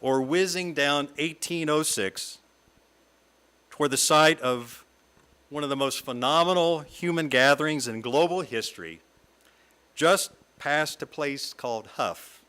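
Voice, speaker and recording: Middle-aged guy reading his talk out, lyrical and measured, sort of bright sharp voice. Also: a little high, clean tone. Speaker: guest speaker at a fellowship service. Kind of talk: reflective talk read from a script.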